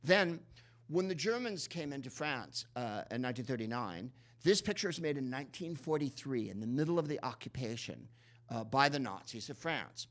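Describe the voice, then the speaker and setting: A male host gives a live, comic introduction to a film in a cinema. He rambles sardonically and leans on many ums and restarts, in a voice of middling pitch. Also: expressive, normal speed, fairly bright tone.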